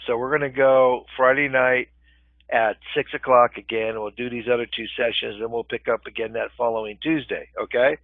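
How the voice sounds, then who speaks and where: An older man with a gravelly voice leads a live webinar in a relaxed, conversational way, pausing often to check in with his listeners. The audio is thin and phone-like. There is no room echo at all. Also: mid-range voice. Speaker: real estate webinar instructor. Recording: tinny phone-line webinar audio, dry.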